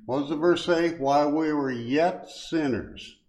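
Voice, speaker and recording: Low-quality audio carries an older man's voice, on the high side, unhurried, and darkish in tone. As a lay speaker at a Bible study he gives a short, informal devotion, folksy and chuckling, with many uh's and um's and heavier emphasis when reading scripture.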